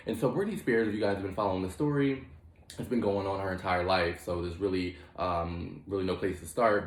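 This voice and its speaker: A man hosting a comedic mock courtroom commentary, profane and emphatic, peppering his talk with "child" and "okay". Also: sits low. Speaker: host. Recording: roomy echo.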